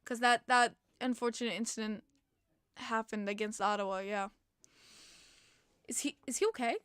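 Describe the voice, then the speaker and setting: A woman's voice: fairly high pitch, steady tone, moderate pace, a bit bright, clear, resonant tone, no room sound, studio quality. Tired, opinionated young woman hockey fan. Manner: chatty, opinionated fan reading chat comments. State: tired, yawning. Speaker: podcast host. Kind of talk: casual live-stream chat about hockey.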